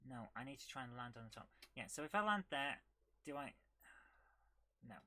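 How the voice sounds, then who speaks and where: A woman's voice: very deep voice, lively intonation, fairly quick, pushed and bright. A woman streaming a retro game live, chatting and thinking aloud as she plays and humming along to the game. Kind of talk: live gameplay commentary.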